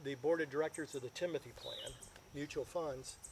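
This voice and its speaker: A man, a guest financial advisor, telling stories in a casual video chat and building up to loud punchlines. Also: on the high side, brisk, creaky, noisy background.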